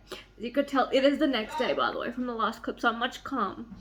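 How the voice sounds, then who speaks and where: A young woman vlogging at home about a book she is reading, reading passages aloud and reacting with excited squeals and swearing. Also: brisk. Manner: gushing and excitable, swings into high squeals and swearing. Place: home, near a microwave.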